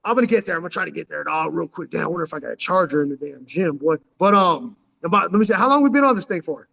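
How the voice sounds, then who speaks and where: A man in his forties from San Diego spins stories in casual chat. His voice sits high, and his talk is loose street slang. He keeps calling his listener "dog" and acts out what everyone said. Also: rapid-fire, creaky. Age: 40s. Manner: street slang, keeps saying "dog", animated retelling with acted-out quotes. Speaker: storyteller.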